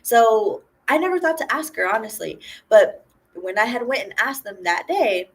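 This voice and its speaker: A woman's voice: a little high, normal speed. Chatty young woman telling a story. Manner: chatty, animated retelling with quoted voices. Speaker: lash artist vlogger. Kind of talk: casual storytime vlog.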